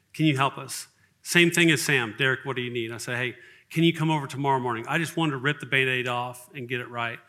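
Bright-voiced man giving earnest testimony. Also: medium pitch. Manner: earnest, halting, with many restarts. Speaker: church member giving testimony. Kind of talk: personal testimony.

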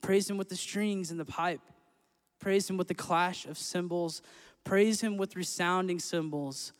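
A man's voice: high voice, steady tone, unhurried. A man speaking as a church worship leader, upbeat and joking, then earnestly reading scripture. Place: church sanctuary. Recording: echoey church hall with long reverb.

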